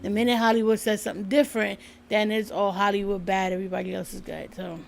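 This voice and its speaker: Woman host, casual livestream banter, frequent laughter, salty language, mid-pitched voice. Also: flat delivery, fast, gravelly, a little hiss or hum. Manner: laughs often, loose and profane. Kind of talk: casual live-stream chat.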